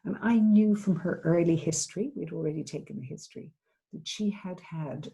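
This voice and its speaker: A middle-aged woman therapist from Ireland giving a seminar talk, speaking gently and reflectively with hesitant restarts. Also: lowish voice, moderate pace, vocal fry, breathy edge, poor audio. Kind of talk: seminar talk, answering a question.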